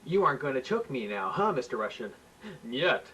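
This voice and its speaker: A man's voice: mid-range voice, very animated, a little fast, bright, forceful tone, husky, exaggerated voice. A man voicing a gloating, menacing male president who hisses taunting threats. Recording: faint hiss, mic far off.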